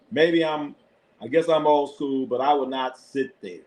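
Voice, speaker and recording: Guy doing live sports talk on his stream, blunt, swears a lot, laughs a bunch, mid-pitched voice. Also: normal speed. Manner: animated, laughing, blunt and profane. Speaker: sports show host. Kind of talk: live sports commentary and chat.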